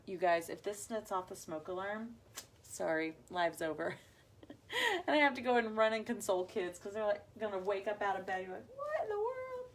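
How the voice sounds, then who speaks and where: Chatty woman hosting a craft live. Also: mid-range voice. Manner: chatty, talks to viewers as y'all. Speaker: craft livestream host. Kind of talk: casual live craft demo chat.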